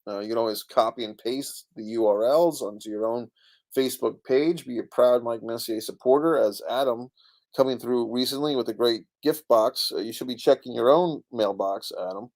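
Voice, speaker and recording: A man's voice: mid-range voice, moderate pace, darkish tone. A middle-aged man hosting a casual live stream, rambling about a comedy special and reading viewers' comments aloud. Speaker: online show host reading chat comments.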